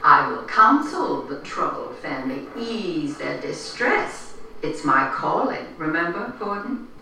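An actress playing a scheming woman posing as a foreign doctor, speaking slowly in a put-on foreign accent, heard from an echoey film soundtrack. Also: low voice, very animated, vocal fry, bright, forceful tone, distant mic, slight background noise, full character voice.

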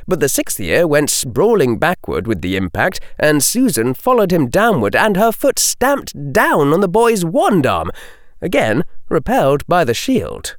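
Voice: mid-range voice, no echo, clean studio sound. A narrator giving a dramatic reading of a fan fiction audiobook.

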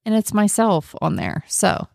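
A woman's voice: medium pitch, sing-song, a little slow, gravelly, a little mellow, no room sound, studio quality. A woman guesting on a casual podcast, wry and defensive, laughing often. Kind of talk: casual chat.

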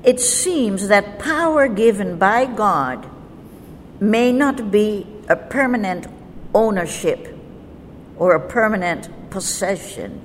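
A woman teaches scripture at an unhurried pace, reading each verse deliberately. Her voice carries a long reverb tail. A faint hiss sits under the recording. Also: medium pitch, animated. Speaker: Bible teacher.

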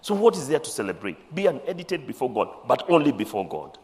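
Male preacher, high-pitched and expressive, sermon in a big echoing hall. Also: fairly quick. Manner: animated, acts out scripture voices, mixes in Swahili phrases. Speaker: bishop preaching. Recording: long hall reverb.

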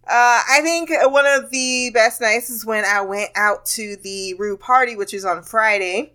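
A woman's voice: on the high side, measured pace, bright, forceful tone, smooth. A woman hosting a podcast, telling a rambling, candid story in a casual monologue with frequent laughter and swearing. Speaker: podcast host.

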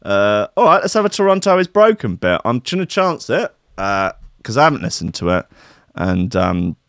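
A man's voice: on the low side, very animated, normal speed, a bit bright, clean tone, no room sound. A man hosting a radio show in casual chat, rambling, sweary and sarcastic, on a studio mic.

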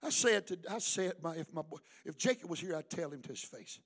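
A man's voice: a little high, animated, fast, fairly bright tone, slightly rough. A man preaching a sermon as pastor at a church service, fervent and emphatic, urging the congregation to repeat after him. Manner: fervent, emphatic preaching with call-and-response prompts.

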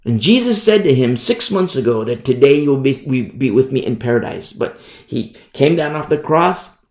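A man preaching a Bible sermon in a conversational way, repeating and restarting phrases and slowing down to stress key words. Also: mid-range voice, lively intonation, darkish tone, reverberant.

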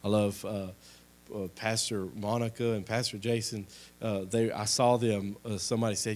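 A man's voice: on the low side, steady tone, moderate pace. A young man preaching a sermon and leading a closing prayer, impassioned, swelling and dropping in volume with repeated exhortations. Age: young adult. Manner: impassioned, rising and falling in volume, repetitive exhortations.

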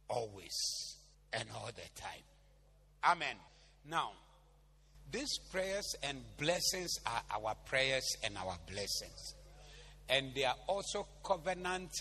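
A man's voice: mid-range voice, pushed and bright. Ghanaian man preaching in an echoey hall. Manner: playful, bantering with the congregation. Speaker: pastor. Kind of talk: sermon. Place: large church hall. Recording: echoey hall, faint hum.

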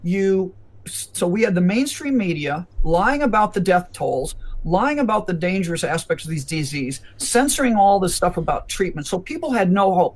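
A man with a notably high voice, talking as a physician guest in an interview. He lectures emphatically, laying out his points one by one. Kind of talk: conversational interview.

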